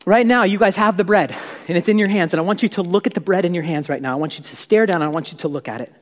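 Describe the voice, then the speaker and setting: A male pastor preaching a sermon in a church, conversational and animated, often repeating words as he builds his point. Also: high voice, racing. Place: church sanctuary. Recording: echoey hall reverb.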